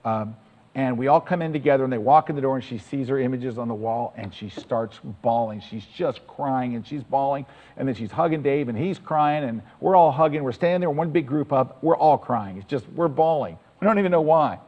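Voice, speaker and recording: A man's voice: mid-range voice, brisk, long reverb tail, dull audio. Enthusiastic man telling a story on stage. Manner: enthusiastic, chatty, emphatic. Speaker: presenter. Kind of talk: storytelling talk to an audience.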